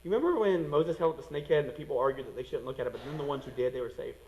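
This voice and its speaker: A man preaching a sermon as a pastor, animated and acting out the voices of people in the story. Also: medium pitch, very fast, big-room sound, lo-fi sound, a little hiss or hum.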